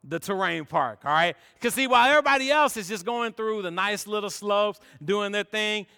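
High, bright-voiced young preacher. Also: male voice, moderate pace, smooth. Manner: energetic, chatty, peppers talk with "man" and "all right?". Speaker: pastor. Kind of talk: sermon with personal stories. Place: church sanctuary. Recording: long reverb of a church hall.

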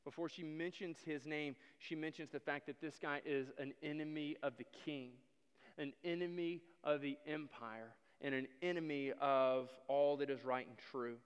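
Male pastor, sermon delivery, smooth resonant tone, dramatic swings in volume, long hall reverb. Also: a little high, fairly even intonation, moderate pace, muffled recording. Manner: dramatic storytelling, swings between loud and hushed.

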